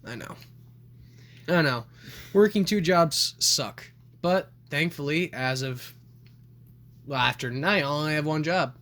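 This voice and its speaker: A man's voice: on the high side, a little slow, long pauses, fairly bright tone. A young man co-hosting a podcast, teasing his friend with profane banter in casual chat. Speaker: podcast co-host.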